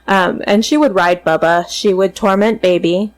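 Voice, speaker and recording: A woman co-hosting a podcast tells a story about a family pet in casual chat, cursing freely and saying "um" a lot. Her mid-range voice has a steady tone at normal speed, captured on a rough recording.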